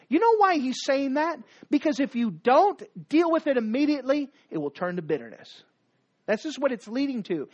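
A preacher in full sermon mode, voice swinging widely up and down in pitch. The delivery keeps pressing the listeners with rhetorical questions and repeated commands. The recording is dull and lo-fi.

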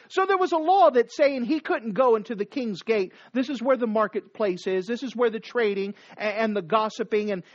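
A man preaching a sermon, swinging between hushed lines and raised, emphatic ones. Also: high-pitched, dry recording. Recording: dull dry recording.

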